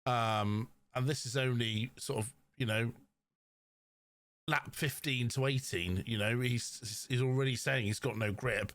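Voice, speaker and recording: A man's voice: medium pitch, steady tone, a little slow, fairly bright tone, no echo. Chatty Cornish man recapping a race. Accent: Cornish English. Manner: chatty, explains terms, hesitant fillers. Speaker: podcast co-host. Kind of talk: casual race recap chat.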